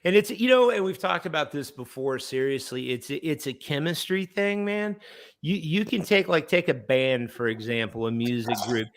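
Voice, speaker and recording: A man's voice: on the high side, lively intonation, normal speed, no echo. A man co-hosting a comedy podcast, chatting casually in a rambling way with restarts. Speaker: podcast co-host.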